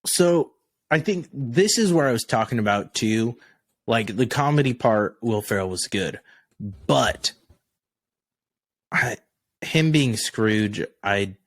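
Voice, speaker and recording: A man co-hosting a casual movie review podcast, relaxed and agreeable, often chiming in with short replies. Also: medium pitch, takes it slowly, pauses often, dry recording, clean studio sound. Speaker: podcast co-host.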